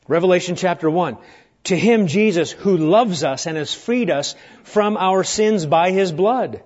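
A middle-aged man preaches a sermon from the pulpit. His voice sits a touch high and turns earnest and emphatic, then drops to a quiet, slow hush. The recording is dull and lo-fi. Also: expressive. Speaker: pastor.

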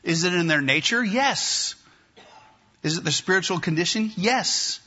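Husky-voiced pastor preaching forcefully. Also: male voice, high-pitched, lively intonation. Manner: emphatic, repeats phrases with slow deliberate pauses. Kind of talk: sermon. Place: church, preaching to a congregation. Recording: dull lo-fi sermon recording.

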